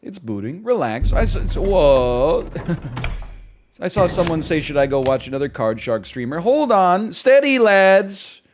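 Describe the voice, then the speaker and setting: A man's voice: mid-range voice, normal speed, slight background noise. A man streaming a casual chat, ranting in disbelief with frequent laughs. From Canada. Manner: incredulous, animated ranting with laughs.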